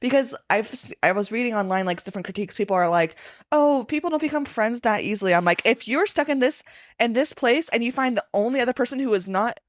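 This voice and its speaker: A woman's voice: a little high, fast talker. A woman co-hosting a podcast, chatting casually about films in an easygoing, agreeable way. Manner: easygoing, agreeable, many short yeahs. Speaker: podcast co-host.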